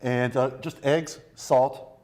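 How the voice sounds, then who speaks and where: A man's voice: medium pitch, steady tone, takes it slowly, a little mellow. A man chef doing a cooking demonstration in a TV studio kitchen, joking and rambling through stories as he works. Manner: jokey, rambling storyteller. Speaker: guest chef. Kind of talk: cooking demo chat.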